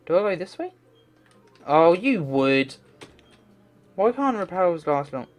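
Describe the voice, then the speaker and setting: A man's voice: high-pitched, sing-song, slow. A man doing game commentary, talking to himself and swearing in frustration as he plays. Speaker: let's play gamer.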